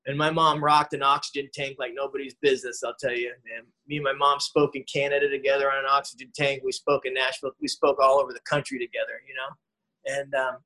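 At a recovery meeting, a man in his forties speaks quickly in a flat, mid-range voice that sounds pushed and bright, on poor audio. He tells a personal story in a rambling, conversational manner, restarting frequently and saying "you know" a lot.

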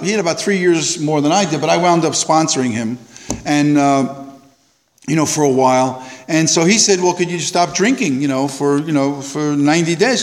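A man speaking to a live audience, telling a personal recovery story in an animated way and acting out the voices of the people in it. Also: on the high side, gravelly, slight background noise. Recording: reverberant hall.

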